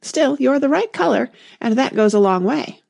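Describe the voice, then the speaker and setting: Storybook talking rose, prim and severe, read by a woman; animated lilt with slight fry. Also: high-pitched, normal speed, dry recording, voice pushed up, full character voice. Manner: prim, judgmental.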